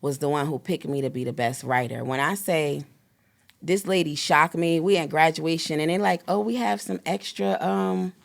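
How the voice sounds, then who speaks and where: A woman in her thirties, a guest in an interview, talking in a rambling, animated way and acting out quoted dialogue. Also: low voice, moderate pace. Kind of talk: casual interview storytelling.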